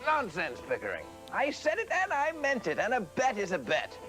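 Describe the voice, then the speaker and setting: A pompous, scheming professor in a sketch, his plummy posh voice riding high and swooping all over. Faint music sits behind him. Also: wildly swooping pitch, moderate pace, fairly bright tone, exaggerated voice, rough recording. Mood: grandiose. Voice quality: plummy mid-Atlantic posh accent. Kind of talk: parody sketch acting.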